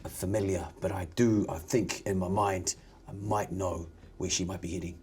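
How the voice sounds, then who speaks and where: A man playing a tabletop game, talking in a hesitant, halting way. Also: low voice, steady tone, a little mellow, breathy edge. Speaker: player. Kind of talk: casual tabletop play.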